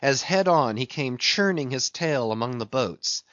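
Male audiobook narrator, measured delivery, dry and slightly muffled. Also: mid-range voice, expressive, fairly bright tone, dry recording. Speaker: audiobook reader. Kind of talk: scripted narration of a classic novel.

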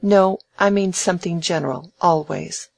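A reader voicing a proud, sharp-witted young woman in a novel, speaking crisply and earnestly with a teasing edge. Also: medium pitch, moderate pace, no echo. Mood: earnest, spirited. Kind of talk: audiobook dialogue reading.

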